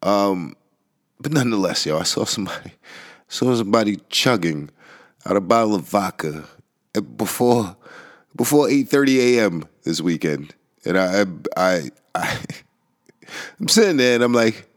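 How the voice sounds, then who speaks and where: A man's voice: lowish voice, animated, a little slow, pauses often. A young man, hosting a casual monologue, rambling with frequent laughs, profanity and restarts. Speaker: podcast host.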